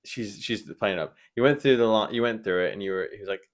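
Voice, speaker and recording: A man co-hosting a podcast, chatting casually, swearing freely and telling animated stories. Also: fairly low pitch, fast talker. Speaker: podcast co-host. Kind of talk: casual chat.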